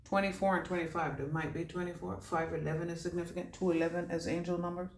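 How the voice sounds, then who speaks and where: A woman's voice: lowish voice, steady tone, fast talker, creaky, roomy sound, a little hiss or hum. A woman giving a channeled intuitive reading who free-associates from word to word, makes puns and swears casually. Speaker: intuitive reader.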